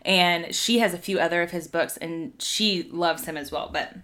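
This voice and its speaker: A woman's voice: on the low side, moderate pace, sharp tone. A woman in her thirties from Texas with a Texan accent, talking earnestly and emotionally as a guest in a casual interview. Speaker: guest writer.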